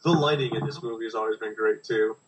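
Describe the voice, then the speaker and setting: A man's voice: fairly low pitch, quick pace, recorded from a distance, muffled recording. A man co-hosting a podcast, making crude, wry jokes while watching a movie. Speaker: podcast co-host. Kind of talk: casual movie commentary chat.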